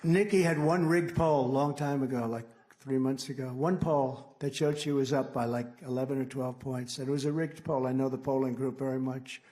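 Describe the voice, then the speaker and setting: A man's voice: medium pitch, steady tone, moderate pace, warm tone, a faint crowd. An older man in his seventies giving a rambling, boastful campaign rally speech at a podium microphone, with mocking asides. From United States. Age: 70s. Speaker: political candidate. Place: large indoor rally hall.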